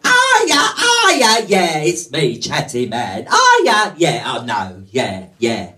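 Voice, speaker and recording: A man's voice: on the high side, wildly swooping pitch, slow, bright, forceful tone, exaggerated voice. A man impersonating a camp, giggly male chat-show host who gasps and swoops.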